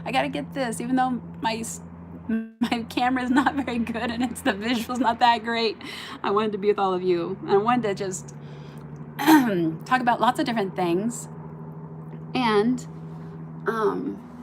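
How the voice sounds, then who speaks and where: A woman live streaming outdoors at night into a phone on a stand, chatting in a bubbly way and often dropping to a soft murmur. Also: a little high, moderate pace, background noise. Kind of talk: casual live stream chat. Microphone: phone camera on a stand.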